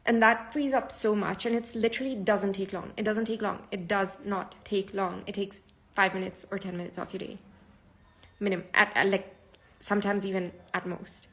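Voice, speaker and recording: A woman's voice: medium pitch, fairly even intonation, normal speed. A sleep-deprived woman hosting her podcast from a live stream, talking casually and chattily with plenty of fillers. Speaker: podcast host.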